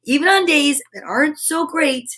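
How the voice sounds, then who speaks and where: A woman's voice: high voice, animated, normal speed, a bit bright. A woman hosting a live stream, chatting with viewers and reading their comments aloud in a bubbly, exclamatory way. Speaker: host of a live comedy stream.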